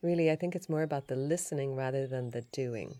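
A woman hosting a yoga and Ayurveda podcast, telling a story in a chatty, animated way. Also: very deep voice, fast, no echo. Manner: chatty, animated retelling with laughs and restarts.

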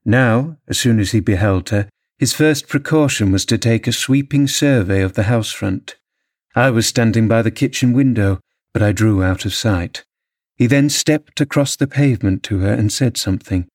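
Reading a classic novel aloud for an audiobook, this male narrator keeps a measured, expressive storytelling style. His pitch is on the low side, captured in studio quality with no audible room.

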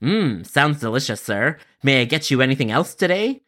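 A man's voice: mid-range voice, big pitch swings, normal speed, a bit bright. A man voicing a rude, threatening male customer who taunts and swears. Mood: sneering. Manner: sneering, taunting.

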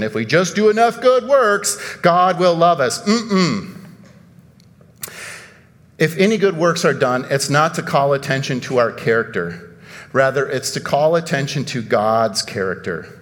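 A male pastor giving a sermon, animated and emphatic, asking rhetorical questions and breaking into sudden outbursts. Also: fairly high pitch, big-room sound.

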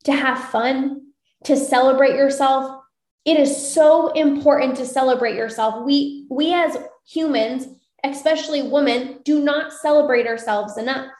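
A woman's voice: high voice, a little slow, darkish tone, echoey room. A woman coaching viewers on a live stream, upbeat and encouraging, with lots of repetition. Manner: upbeat, encouraging, repeats phrases. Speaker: binge eating coach.

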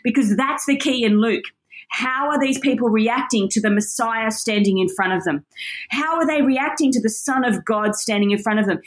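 Tearful, earnest woman teaching scripture. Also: a little high. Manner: emotional, moved to tears, earnest. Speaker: Bible teacher. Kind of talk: teaching on a Bible passage.

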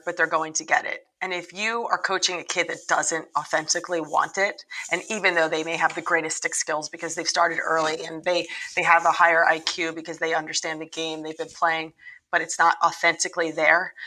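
Coach lady on a podcast, low-ish bright voice, earnest and animated. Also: rough recording. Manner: earnest, animated, frequent restarts. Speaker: lacrosse coach, guest. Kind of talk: podcast interview, storytelling.

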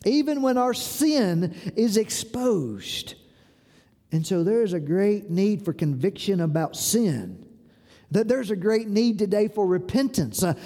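A man's voice: high-pitched, dark tone. Earnest male pastor preaching in a reverberant hall. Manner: earnest, exhorting, repeats "listen". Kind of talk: sermon.

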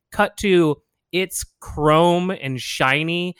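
A man's voice: high voice, normal speed, no room sound, clean studio sound. A man casually chatting about movies on a podcast, laughing often, swearing freely and acting out lines in put-on voices. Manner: animated, laughing storyteller who acts out quotes. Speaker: podcast co-host.

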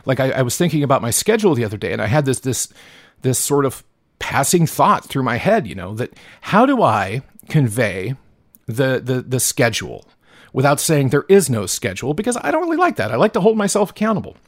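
A man's voice: mid-range voice, sing-song, a little fast, no room sound, clean studio sound. A man hosting his own podcast, ranting in a profane, worked-up way with frequent stumbles and restarts. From Pacific Northwest of the US. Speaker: podcast host. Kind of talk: solo podcast monologue.

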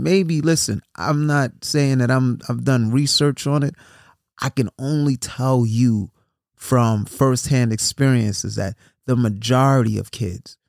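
A man hosting a solo podcast, talking loosely in an everyday way. His voice sits at a middle pitch, and he often restarts phrases and checks in with "right?". The sound is dry and close, with no room around it. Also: gravelly, a little mellow, dry recording. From New York City. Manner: conversational, repeats words, asks "right?" often. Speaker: podcast host and motivational speaker. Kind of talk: casual solo podcast talk.

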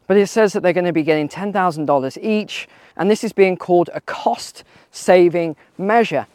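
Man, higher voice, dry close sound, chatty commentary outdoors, rhetorical questions. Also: moderate pace, darkish tone, no echo. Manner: conversational, rhetorical questions, frequent fillers. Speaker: vlogger. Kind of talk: casual commentary while walking outdoors. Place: outdoors on a mountain trail.

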